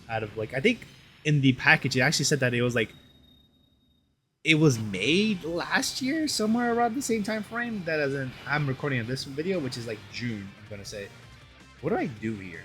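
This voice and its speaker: A man's voice: medium pitch, a bit bright. A young man chatting casually over gameplay, rambling and slangy with lots of "dude.". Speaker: gaming channel host.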